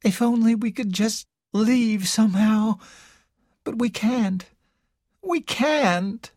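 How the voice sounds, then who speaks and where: An audiobook reader voicing a worn-down young woman who pleads in an emotional, hopeless way, pitched well above the reader's own voice. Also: lively intonation, slow pace, no room sound, clean studio sound.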